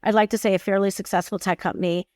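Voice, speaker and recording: Speaking quickly in a steady, mid-range voice with a darkish tone, this woman in her forties, the CEO of a tech company, shares candid conversational stories on a podcast. She's emphatic and performs the dialogue within her anecdotes. It's studio quality with no echo.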